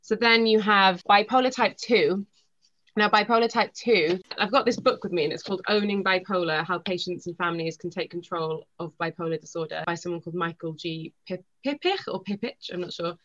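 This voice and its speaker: Animated woman on a lo-fi podcast. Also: on the low side. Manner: rapid, animated storytelling with acted-out quotes. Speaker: guest. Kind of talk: podcast conversation. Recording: dull lo-fi sound.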